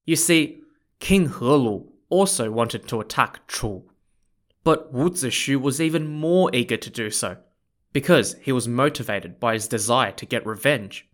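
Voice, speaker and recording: A man's voice: mid-range voice, lively intonation, a little slow. Chatty male history storyteller. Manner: chatty, with asides to listeners. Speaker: podcast storyteller.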